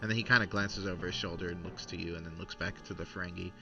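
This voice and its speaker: A man's voice: low-pitched, fairly even intonation, fast talker, vocal fry, recorded from a distance, lo-fi sound, over music. A man narrating a tabletop game as game master, hesitant with many fillers.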